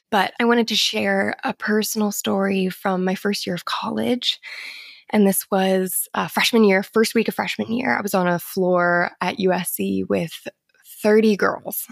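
A young adult woman, a therapist guest on a podcast, explaining things in casual conversation and often dropping her voice to a soft near-whisper. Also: medium pitch, gravelly, dry recording, studio quality.

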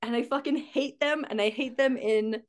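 A woman's voice: on the high side, moderate pace. A woman hosting a podcast, talking in a blunt, casual way, swearing freely and laughing often. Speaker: podcast host. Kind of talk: casual chat.

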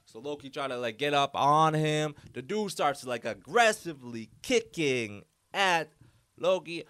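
A man hosts his podcast alone, telling a rambling story in a casual, animated way. His voice is smooth and clear, recorded dry and close with no room sound. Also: on the high side, measured pace, dry recording. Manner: animated, loose storytelling full of fillers and quoted voices. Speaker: podcast host.

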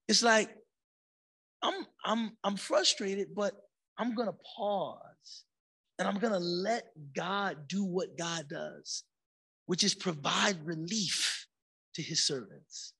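A man giving a casual, conversational sermon as a religious teacher. He is animated and colloquial, slows down for emphasis, and jumps into shouted bursts. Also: sits high, gravelly, breathy edge.

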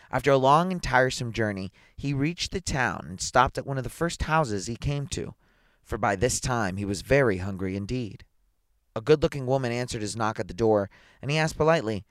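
Expressive man reading a children's story. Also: medium pitch, no echo, studio quality. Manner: playful, expressive, chatty asides. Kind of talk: children's story read aloud.

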